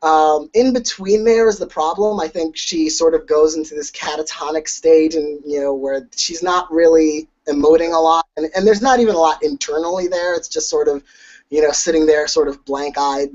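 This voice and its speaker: A man's voice: on the high side, a little mellow. Analytical man with lo-fi sound. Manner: analytical, many small restarts. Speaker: awards editor and co-host. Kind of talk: casual conversational discussion. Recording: dull lo-fi sound.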